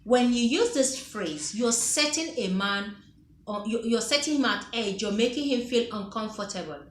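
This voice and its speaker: A woman's voice: fairly high pitch, expressive, normal speed, a little hiss or hum. A woman giving relationship advice to camera in a casual, emphatic way, often repeating her phrases. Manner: emphatic, repeats phrases, acts out quoted dialogue. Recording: echoey room.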